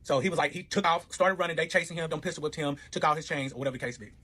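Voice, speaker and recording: A man's voice: fairly high pitch, very fast, bright, forceful tone, breathy edge. A man telling his own relationship story in a casual storytime, profane and rambling, with lots of filler and quoted back-and-forth.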